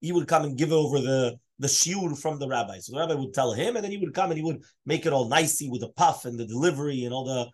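A man's voice: medium pitch, expressive, quick pace, hardly any pauses, a little mellow. A man, a rabbi, teaching a Talmud class, mixing Hebrew and Aramaic terms into his English and quizzing his students. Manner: asks students questions. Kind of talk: Daf Yomi Talmud class.

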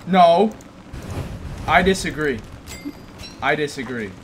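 A man chatting and teasing a friend on a gaming stream, animated and jokey. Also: fairly high pitch, slow, a little hiss or hum. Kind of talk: casual gaming stream chat.

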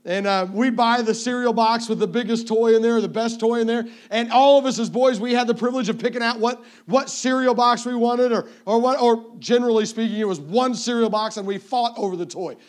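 A man's voice: very high voice, steady tone, fairly quick, hardly any pauses. A man in his fifties preaching a sermon as a visiting evangelist, telling playful, self-mocking stories and often repeating his first word. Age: 50s. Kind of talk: sermon with humorous family stories.

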